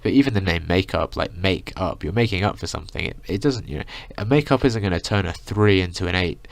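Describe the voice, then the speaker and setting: A man's voice: sits low, fairly quick, creaky, no room sound. A young man ranting through a casual storytime, rambling with lots of filler words. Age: young adult. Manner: rambling, full of "like" and "you know". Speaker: vlogger.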